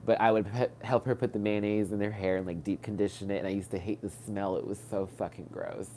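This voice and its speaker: A man hosts a live stream, his voice low-ish, steady, mellow and fairly quick, with slight background noise. Stuffed up from crying, he tells rambling personal stories full of fillers and restarts in casual storytelling, picked up by a webcam or phone mic.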